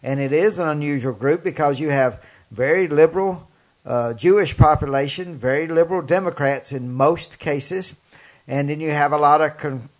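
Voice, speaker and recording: An older man with a Southern US accent hosting a political talk show, speaking emphatically in a folksy way and getting louder on key points. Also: on the high side, normal speed. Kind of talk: political commentary monologue.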